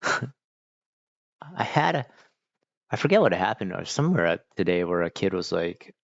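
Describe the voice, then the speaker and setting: A man's voice: low voice, sing-song, measured pace, creaky, no echo. A man chatting casually on a livestream, answering chat in a rambling, hesitant way with many fillers and restarts. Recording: dull lo-fi dry mic.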